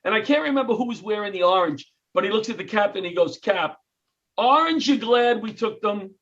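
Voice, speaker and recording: A middle-aged man with a New York accent, a comedian and retired firefighter, telling stories in an interview with lively acted-out quotes. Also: high-pitched, a little fast, muffled recording. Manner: animated storyteller, acts out quotes, self-interrupting. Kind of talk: interview storytelling.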